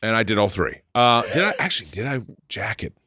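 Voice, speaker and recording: A man's voice: lowish voice, big pitch swings, fast, pushed and bright, dry recording. A man co-hosting a podcast in casual, crude, joking chat. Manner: jokey, self-described jester, crude humor. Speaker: podcast co-host.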